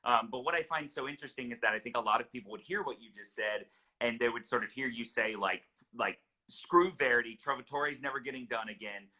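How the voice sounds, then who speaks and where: A man's voice: mid-range voice, fast, pushed and bright, rough recording. A man hosting an interview, chatty and enthusiastic, his speech full of casual fillers. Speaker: host.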